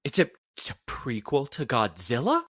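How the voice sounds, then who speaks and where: Joking man in lively podcast banter. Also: medium pitch, normal speed, slightly rough, no room sound, clean studio sound. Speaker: podcast co-host. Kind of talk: casual chat.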